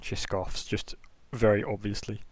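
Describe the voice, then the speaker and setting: A man's voice: on the low side, flat delivery, measured pace, no room sound. A young man narrating as game master in a casual, joking way, laughing often.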